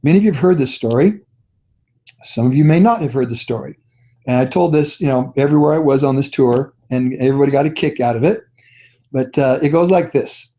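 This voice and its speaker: A man's voice: mid-range voice, brisk, mellow. A man leading a network marketing training on a call, telling stories in a folksy, upbeat, encouraging way. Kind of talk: motivational training talk on a conference call.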